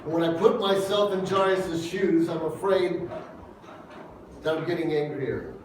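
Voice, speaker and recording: A man delivering a sermon in a relaxed, talky way, pressing his points with questions to the room. His voice sits high for a man and rings through a large church hall. He is well off the mic, with a faint hiss underneath. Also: unhurried, far from the mic. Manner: conversational, emphatic, asks the congregation questions. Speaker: preacher.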